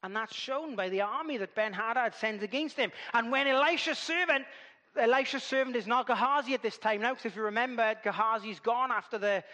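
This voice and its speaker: Male preacher, animated storyteller; high voice in a reverberant hall. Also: a little fast. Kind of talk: sermon.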